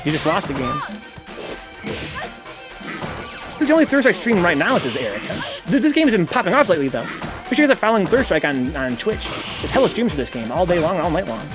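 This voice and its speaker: A streamer and host talks fast in a sing-song voice that's a little high, with game music underneath. His casual live game stream is rambling and chatty, with chat messages read aloud and offhand swearing.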